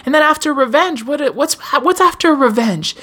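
A woman hosting a casual self-help podcast, speaking straight to her listeners with lively swings in pitch and the odd swear word. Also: normal speed. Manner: animated, swearing, addresses listeners directly. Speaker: podcast host. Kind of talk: motivational self-help talk.

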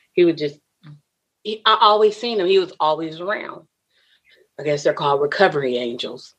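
A woman's voice: sits low, dull audio. A woman guest in an interview, earnestly recounting a personal story and acting out what others said to her. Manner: earnest, emotional, often voices what others said.

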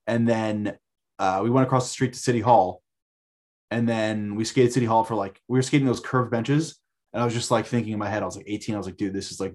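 Husky man telling a rambling story. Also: fairly low pitch, a little mellow. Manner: rambling, profane, filler-heavy. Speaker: podcast guest. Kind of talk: casual storytelling.

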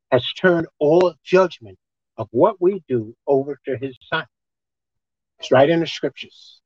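A woman preacher delivering a folksy, emphatic sermon, swinging between shouting and hushed tones. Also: low voice, husky, no echo, highs cut off. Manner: folksy, colloquial.

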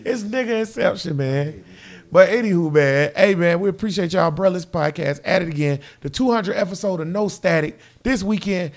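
A man co-hosting a podcast, talking loudly, joking and laughing often in casual banter. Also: high voice, normal speed. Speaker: podcast co-host.

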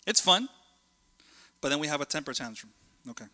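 A man preaching a sermon in a chatty, animated way, telling family stories and jumping between thoughts. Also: a little high, brisk, big-room sound.

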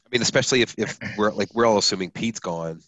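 A man's voice: on the low side, fast, pushed and bright. A man talking casually on a sports podcast, hesitant and full of restarts.

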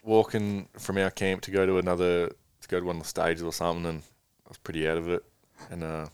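Young man, deep voice, quick rambling storytelling. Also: little pitch movement, clean tone, no echo. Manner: laid-back, rambling, swears freely. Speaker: guest. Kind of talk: casual storytelling.

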